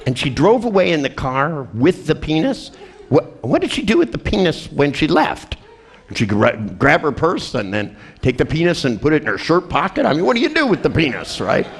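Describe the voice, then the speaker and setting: A man presenting at a seminar, telling a funny story in an animated way. He often laughs mid-sentence and restarts his words. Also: fairly high pitch, gravelly. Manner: animated, laughing through lines, quick restarts. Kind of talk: comic storytelling to an audience.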